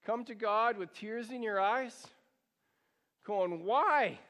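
A man's voice: high-pitched, takes it slowly, a bit bright. A male pastor preaching a sermon, earnest and pleading, drawing the congregation into reading along. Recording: long hall reverb.

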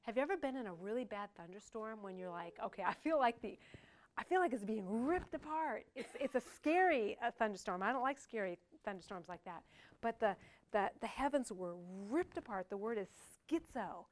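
A woman's voice: on the high side, lively intonation, normal speed. An older woman preaching a sermon in a conversational way, with joking asides to the congregation.

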